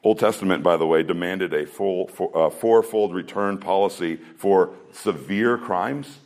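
A man's voice: deep voice, a little slow, darkish tone. A man preaching a sermon in an earnest voice, asking rhetorical questions and shifting his pace. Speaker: pastor.

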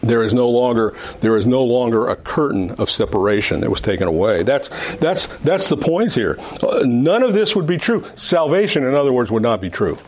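A man's voice: mid-range voice, big pitch swings, brisk, hardly any pauses. Male Bible teacher, mid-range voice, emphatic, repeats himself, earnest classroom delivery. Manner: emphatic, repeats words and restarts often. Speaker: adult Sunday school teacher.

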